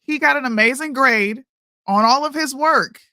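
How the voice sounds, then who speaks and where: A woman's voice: high-pitched, normal speed, pushed and bright, no room sound, clean studio sound. A woman in her thirties co-hosting a casual chat show, talking emphatically and calling people "bro". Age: 30s. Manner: emphatic, says "bro" a lot. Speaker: podcast co-host.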